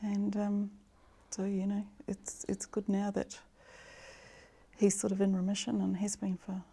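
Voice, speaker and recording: A woman speaks in a conversational interview, her voice low on brightness and gravelly with fry. She keeps her pitch fairly flat and steady as she goes through the details in a measured way. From New Zealand.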